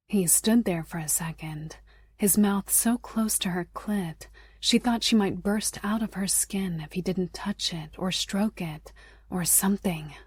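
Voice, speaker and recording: A woman narrating a romance audiobook in a soft, intimate way, often close to a whisper. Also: fairly low pitch, breathy edge, dry recording. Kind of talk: scripted narration.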